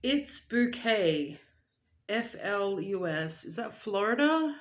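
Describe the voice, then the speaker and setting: Woman, young adult, unhurried delivery, playful rambling chat, reading out viewer shoutouts. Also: medium pitch, animated. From Australia. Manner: chatty and playful, with silly asides and rambling tangents. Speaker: vlogger.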